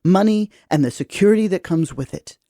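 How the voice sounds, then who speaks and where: A woman's voice: lowish voice, animated, brisk, warm tone, no echo, clean studio sound. A woman voicing a stern, weary nobleman father. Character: gruff worried aging male nobleman father.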